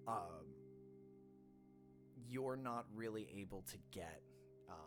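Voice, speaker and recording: Low-voiced man running a tabletop game. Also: expressive, slow. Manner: casual, playful, many fillers. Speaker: game master. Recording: background music.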